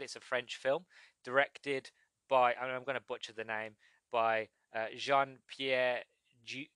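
A British man hosting his own podcast in an easygoing, rambling way, often stopping to fix his words. His voice is bright and forward. The sound is dry and close to the mic. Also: mid-range voice, smooth, dry recording. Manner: rambling, self-correcting, chuckles at himself. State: recovering from a cold. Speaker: podcast host. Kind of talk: casual solo podcast chat.

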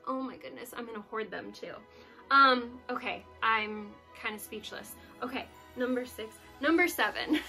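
A woman hosting her own channel, chatting casually while unboxing gifts, gushing with exclamations and sounding touched, close to tears. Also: a little high. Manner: gushing and effusive, many exclamations; soft-spoken and touched, near tears. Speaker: YouTube channel host.

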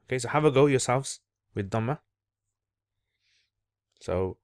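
A man's voice: mid-range voice, normal speed, pauses often, a little mellow, no room sound, studio quality. A man teaching letter sounds in a patient, step-by-step lesson, repeating each sound for the listener to copy. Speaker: Arabic reading teacher. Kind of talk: slow step-by-step lesson narration.

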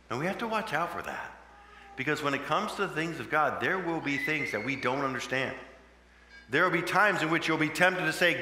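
A man preaching a sermon in a conversational way, with sudden loud emphatic bursts, recorded in a church. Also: fairly high pitch, expressive, a little fast. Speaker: pastor. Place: church sanctuary. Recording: echoey church hall with long reverb, faint hum.

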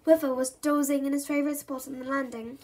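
A woman reading a children's chapter book aloud with expressive, playful narration. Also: sits high, fast. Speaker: reader.

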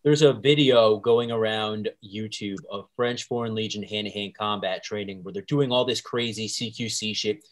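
A man's voice: on the low side, normal speed, few pauses. Laid-back male podcast host. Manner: laid-back, laughs along and tells stories. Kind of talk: casual podcast conversation.

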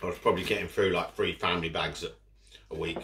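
A man's voice: low voice, fairly even intonation, quick pace, heavy background noise. A man chatting casually while eating in a food vlog, rambling with his mouth full. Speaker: food vlogger. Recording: echoey room. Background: cutlery and dishes.

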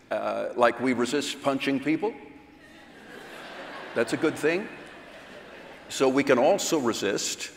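A man giving a seminar talk at a church conference, speaking slowly and with self-deprecating humor. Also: medium pitch. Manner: slow, unhurried delivery; self-deprecating, chuckles between points. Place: large hall at a church conference. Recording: echoey hall with long reverb.

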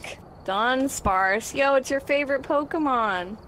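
Slow, giggly high-voiced woman. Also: a bit bright, slight background noise. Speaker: game player.

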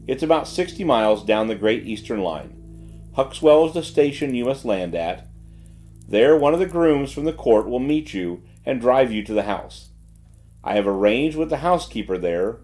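A man's voice: mid-range voice, a little mellow, natural voice. A man voicing a sarcastic, stern detective chief giving orders in a dry, businesslike way.

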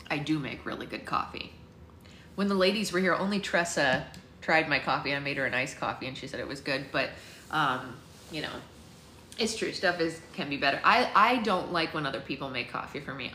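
A woman's voice: deep voice, brisk, bright, forceful tone. A woman hosting a book club livestream from home, chatting in a rambling way with viewers and reading aloud. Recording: roomy echo, faint noise.

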